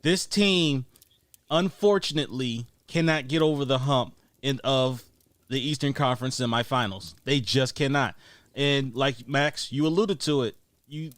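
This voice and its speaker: A man's voice: medium pitch, dry recording. A man, co-hosting a sports podcast, ranting emphatically and repeating his points as he builds up steam. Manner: emphatic, repetitive, rising to near-shouting on points. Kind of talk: heated sports talk rant.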